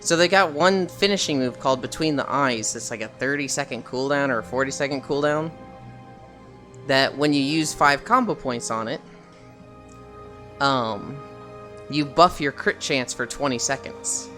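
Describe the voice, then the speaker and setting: A man's voice: medium pitch, normal speed, pushed and bright, faint music behind. A man streaming while walking, chatting casually about a video game with lots of fillers and casual swearing.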